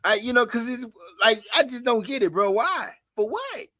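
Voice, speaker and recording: A young man with a high, bright, forceful voice rants on a podcast, swearing freely and hammering the same questions again and again. His voice sounds close and dry. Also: big pitch swings, normal speed, no echo. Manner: angry, profane, ranting with repeated questions. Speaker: podcast co-host. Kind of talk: heated casual podcast talk.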